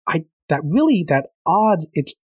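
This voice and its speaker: Chatty male co-host, agreeable, slightly husky voice, dry close-mic sound. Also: on the high side, big pitch swings, no room sound. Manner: chatty, agreeable, quick to chime in. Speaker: podcast co-host. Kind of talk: casual comic book discussion.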